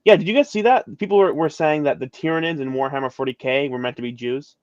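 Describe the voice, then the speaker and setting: A person in a casual group chat, animated and teasing. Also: mid-range voice, fast, no echo, dull audio.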